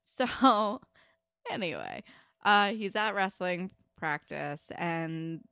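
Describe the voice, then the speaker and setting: A woman's voice: on the low side, animated, extremely slow, gravelly, bright, forceful tone, smooth, no echo, studio quality. A woman co-hosting a podcast, chatting casually and candidly about a TV episode, sprinkling in "like" and swearing freely. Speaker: podcast co-host. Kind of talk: casual chat recapping a TV episode.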